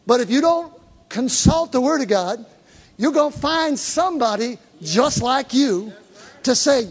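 A pastor preaches a sermon to a live congregation in a church hall, speaking emphatically, repeating key words and drawing the crowd into call and response. His voice is extremely high-pitched, animated and husky, at a slightly slow pace. The recording carries the long reverb of a large hall.

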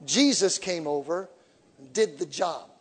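A man preaching as an evangelist, telling stories with humor and swinging from quiet to shouting. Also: on the high side, a little slow, breathy edge. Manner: animated storytelling with humor, shifts from quiet to shouting. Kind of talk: sermon. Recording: echoey hall reverb.

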